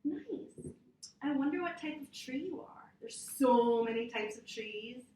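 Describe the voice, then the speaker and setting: A woman teaching yoga to children, reading a story aloud in a gentle, encouraging way and roaring and meowing with them. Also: high-pitched, normal speed, recorded from a distance. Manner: gentle, encouraging, playful animal sounds. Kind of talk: storytime with kids' yoga instruction. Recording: echoey room.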